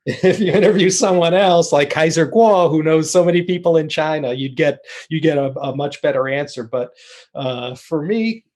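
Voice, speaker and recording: Chatty older American man, higher voice. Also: normal speed, darkish tone. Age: 60s. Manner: rambling, many restarts and fillers. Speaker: guest expert. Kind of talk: casual conversational interview.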